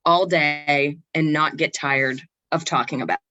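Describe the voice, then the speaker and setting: Low, bright young woman co-host; chatty, restarts sentences; dry close sound. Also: fairly even intonation, unhurried, no echo, lo-fi sound. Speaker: podcast co-host. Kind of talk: casual chat.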